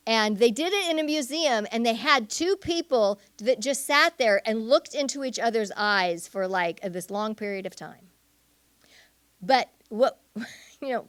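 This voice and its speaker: A woman's voice: medium pitch, no room sound. Woman teaching casually in church. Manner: conversational, warm-hearted with frequent fillers and restarts. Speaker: church speaker.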